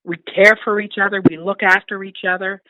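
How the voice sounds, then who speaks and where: A woman's voice: medium pitch, steady tone, a little fast, no echo. An older woman, a town mayor, speaking earnestly and from the heart in a casual interview, often restarting her sentences. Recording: tinny phone-line audio.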